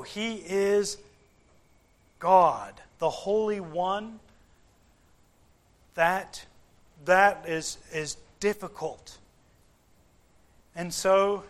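A man delivers a sermon in a high voice. He speaks slowly, leaning on words with measured emphasis, and lets pauses hang between phrases. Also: a bit bright. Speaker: preacher.

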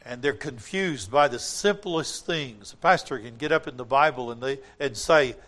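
An older man preaching a sermon, telling a personal testimony in an earnest way, building to emphatic points and dropping to quiet asides. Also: mid-range voice, moderate pace, few pauses.

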